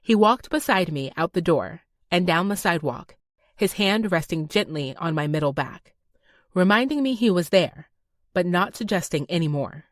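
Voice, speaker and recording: A woman narrating a first-person romance audiobook in a warm, dreamy, expressive manner, close on a studio mic. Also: fairly low pitch, moderate pace, no room sound.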